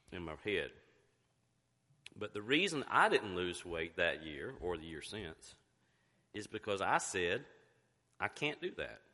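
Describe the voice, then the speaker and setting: Middle-aged male pastor, low animated delivery, emphatic rhetorical questions, coughing, church hall reverb. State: coughing, fighting to get words out. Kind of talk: sermon.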